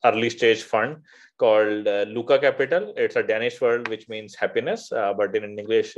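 Podcast guest from India, male: low-pitched, halting delivery full of uhs and restarts, on a dull lo-fi recording. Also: steady tone. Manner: hesitant, many filler uhs and restarts. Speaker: podcast guest, venture fund founder. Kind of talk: conversational interview.

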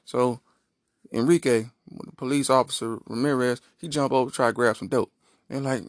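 A man's voice: mid-range voice, fairly even intonation, normal speed, no echo, clean studio sound. A man hosting a podcast, telling a rambling comic story with lots of asides. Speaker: podcast host. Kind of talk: comedic monologue.

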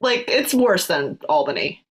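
A woman's voice: fairly low pitch, big pitch swings, a little slow, rough recording. A woman chatting on a comedy podcast with wry, joking asides. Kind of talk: casual comedy podcast chat.

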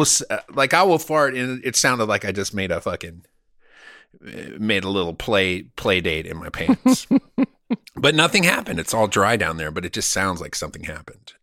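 A man's voice: low-pitched, pushed and bright, dry recording, studio quality. A man in his forties co-hosting a casual comedy podcast, telling crude stories and acting out quotes in funny voices. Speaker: podcast co-host.

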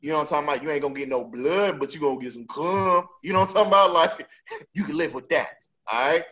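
A man co-hosting a podcast in casual banter, an animated storyteller who laughs a lot and acts out the lines he quotes. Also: on the high side, fast talker. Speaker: podcast co-host. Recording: dull lo-fi sound.

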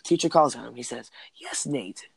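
A man's voice: medium pitch, animated, moderate pace, creaky, husky, no echo. A man in casual chat, rambling through school stories with lots of "like" and "um". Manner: rambling, heavy use of "like" and "um".

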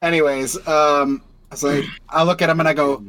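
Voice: mid-range voice, fairly even intonation, moderate pace, fairly bright tone. A player in a tabletop game who teases the others in casual chat. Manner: joking, teasing.

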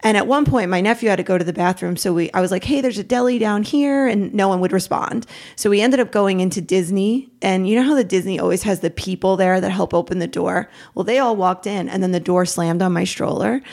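Woman in her thirties, podcast guest recounting family trauma, animated delivery with pitch leaps on quoted lines. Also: brisk, gravelly, hardly any pauses. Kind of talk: emotional personal storytelling.

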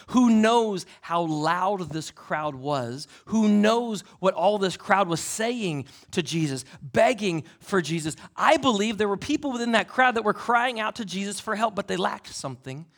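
A man preaching a sermon in a church, swinging between loud emphasis and hushed asides. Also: high voice. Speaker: pastor.

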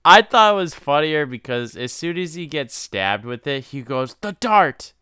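A man's voice: fairly high pitch, big pitch swings, moderate pace, bright, forceful tone, clear, resonant tone, dry recording, studio quality. A man chatting casually on a podcast, adding playful jokes and laughing easily. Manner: playful, joking remarks with easy laughter. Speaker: podcast co-host. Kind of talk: casual banter.

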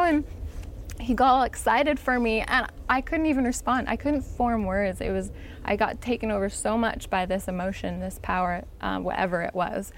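A young woman from Utah speaks as a podcast guest, telling a personal story with earnest feeling and frequent casual fillers. Her voice is mid-pitched and carries a touch of vocal fry. A faint hiss sits under the recording. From Utah, USA. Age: young adult. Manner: earnest, emotional, many "like" fillers.

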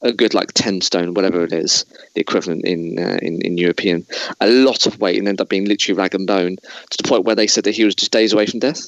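A man's voice: low voice, fairly even intonation, fast, creaky, dry recording, poor audio. A man hosting a casual chat, talking in a digressive way with many restarts. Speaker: podcast host.

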